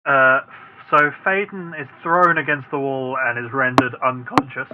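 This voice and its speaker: A man narrating a tabletop game as dungeon master, relaxed and hesitant, with many filler sounds. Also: medium pitch, normal speed, phone-quality sound.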